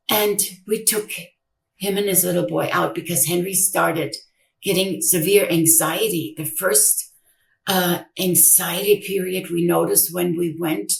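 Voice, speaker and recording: An older woman giving a personal account in an interview, speaking haltingly and repeating her words as she retells conversations. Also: lowish voice, fairly even intonation, creaky. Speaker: interview guest, grieving mother. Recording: echoey room, distant mic.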